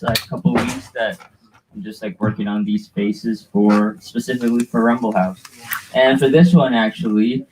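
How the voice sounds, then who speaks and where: A man's voice: on the low side, a little mellow, slight background noise, low-quality recording. A man presenting his own artwork to a live audience, hesitant and full of fillers. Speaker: visual artist presenting his work. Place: live art event before an audience. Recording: crowd chatter behind.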